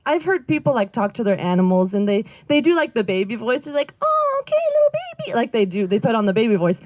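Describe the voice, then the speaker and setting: A woman's voice: mid-range voice, lively intonation, fast talker, darkish tone, slight background noise. A woman doing a stand-up comedy set outdoors in a backyard, rambling and self-deprecating, with lots of fillers and her own laughter. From Northern California.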